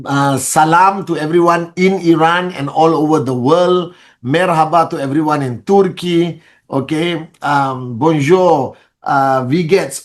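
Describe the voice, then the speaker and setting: A fairly high-voiced man hosts a live online call, calling out viewers by name and greeting them warmly. His delivery is energetic and loose, full of fillers and quick restarts, like a leader rallying his team. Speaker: network marketing leader. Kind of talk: live-stream address to followers.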